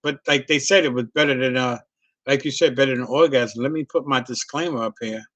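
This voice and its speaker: A man's voice: mid-range voice, fairly even intonation, a little fast, a bit bright, no echo. A middle-aged man, a comedian, telling a long profane story in a loose, rambling way. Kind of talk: casual storytelling on a video call.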